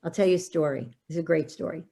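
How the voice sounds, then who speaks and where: Older woman guest, low husky voice with a gravelly edge, animated anecdote teller. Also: quick pace. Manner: animated storyteller, acts out quotes. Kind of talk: storytelling in a podcast interview.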